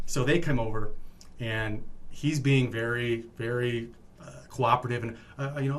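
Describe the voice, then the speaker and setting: A man's voice: medium pitch, normal speed. A middle-aged man telling a story in casual podcast chat, acting out the people in it. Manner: animated storyteller acting out customers and his boss. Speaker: podcast co-host.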